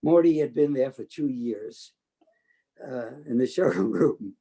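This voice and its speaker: An older man telling stories from his working life, talkative and quick to act out what others said. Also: mid-range voice, low-quality recording. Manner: talkative, animated quoting of others. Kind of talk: storytelling oral history.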